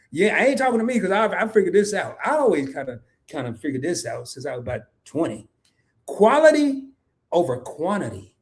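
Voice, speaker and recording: Animated man hosting a casual stream. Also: a little high. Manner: animated, laughs often, repeats phrases for emphasis. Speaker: host of a live talk stream. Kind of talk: casual livestream chat reading comments.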